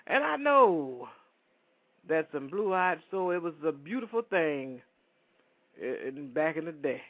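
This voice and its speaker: A man's voice: fairly high pitch, moderate pace, no room sound. A man hosting a radio show, chatting in a rambling way and talking straight to his listeners. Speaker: radio host. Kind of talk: casual radio talk. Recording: dry, phone-like lo-fi sound.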